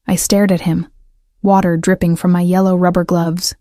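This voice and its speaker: A woman narrating a dramatic first-person story in a measured, scripted way. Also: lowish voice, no echo, clean studio sound. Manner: even, measured storytelling delivery.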